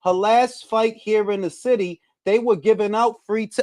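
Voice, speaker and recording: A man's voice: sits high, fairly even intonation, moderate pace, darkish tone, dry recording, studio quality. A man from Detroit with a Detroit accent, hosting a boxing talk stream and ranting in a blunt, profane, heated way. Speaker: boxing talk show host. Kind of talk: casual livestream commentary.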